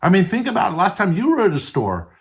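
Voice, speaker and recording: A man's voice: high-pitched, huge pitch swings, fast talker. A man hosting a podcast and giving an earnest motivational talk on leadership, asking the listener questions and often adding "right?" and "and so forth". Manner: earnest, stresses words by tone, asks listeners questions; many fillers like "right?" and "and so forth". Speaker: podcast host.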